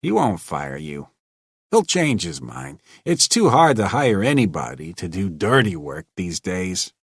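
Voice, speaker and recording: Man doing a young technician, eager and incredulous, husky lift in the voice. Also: low voice, very animated, a little slow, no echo, studio quality, full character voice. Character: young, excitable stage technician.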